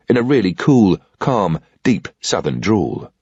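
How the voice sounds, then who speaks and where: A husky man reads a thriller audiobook in a tense, matter-of-fact voice. His pitch is lowish but rises and falls a lot. The sound is dry and a bit dull. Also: big pitch swings, normal speed, few pauses, dark tone, dry recording. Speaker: audiobook reader. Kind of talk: scripted audiobook narration of a thriller.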